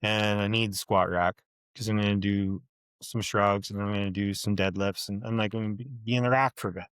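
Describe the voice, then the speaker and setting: A man's voice: on the low side, brisk, smooth, no room sound. A man in his thirties, a podcast co-host, telling a story in casual chat, swearing freely and acting out both sides of an argument. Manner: animated, profane, acts out both sides of an argument.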